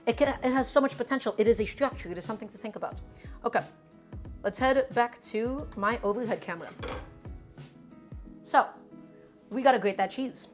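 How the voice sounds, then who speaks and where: A woman streaming herself cooking, chatty and emphatic as she talks to her viewers like friends. Her voice sits a little on the high side, with soft music playing quietly underneath. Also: brisk, pauses often. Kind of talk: casual live cooking stream chat.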